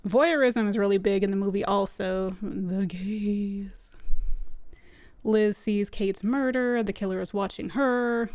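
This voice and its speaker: A woman's voice: mid-range voice, a little mellow, smooth, no echo. A woman giving a chatty film review from home, loose and conversational, often saying "like". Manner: chatty, loose, with frequent "like" fillers. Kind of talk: casual spoken film review. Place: at home with her dog nearby.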